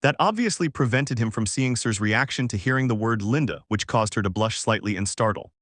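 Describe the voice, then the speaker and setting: A man narrating a fan story in an even, flat reading. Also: lowish voice, a little fast, no room sound, studio quality.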